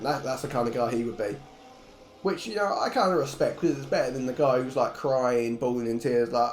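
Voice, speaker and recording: A man's voice: medium pitch, a little fast, slight background noise. A man commentating a live sim race stream in a jokey, blunt way, swearing freely. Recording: roomy echo, faint music behind.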